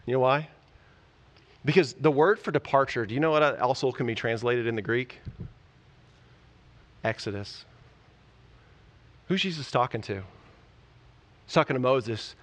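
A man's voice: mid-range voice, animated, a little fast. Enthusiastic man teaching from the Bible. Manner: enthusiastic, conversational, asks rhetorical questions. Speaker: pastor.

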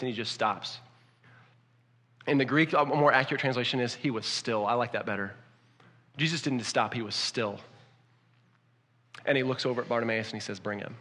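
A man preaching a sermon, swinging between hushed, intimate lines and rising, emphatic passages. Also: medium pitch, fairly quick, pauses often, breathy edge. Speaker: pastor. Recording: long hall reverb.

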